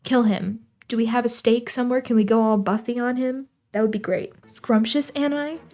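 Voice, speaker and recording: A woman's voice: a little high, steady tone, dark tone. A young woman reading a visual novel aloud and adding sarcastic, chatty jokes between lines. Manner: sarcastic, chatty, quick asides. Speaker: gaming channel host.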